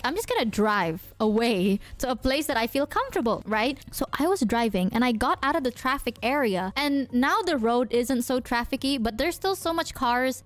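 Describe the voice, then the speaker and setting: Streamer, young woman, high and bouncy voice, swears a lot while chatting. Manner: animated, swearing, mixes in Indonesian words. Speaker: VTuber streamer. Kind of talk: casual storytelling to chat.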